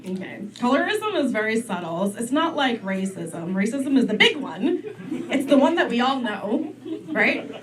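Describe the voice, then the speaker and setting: A woman's voice: fairly high pitch, very animated, normal speed, recorded from a distance, a crowd in the background, poor audio. A woman performing a stand-up comedy set in a comedy club, acting out relatives in big voices.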